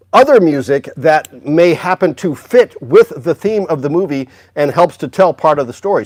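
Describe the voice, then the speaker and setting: A man's voice: a little high, darkish tone, dry recording. Upbeat chatty male livestream host. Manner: upbeat, chatty, talks to viewers by name. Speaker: music store livestream host. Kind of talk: casual livestream chat. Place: indoor music store.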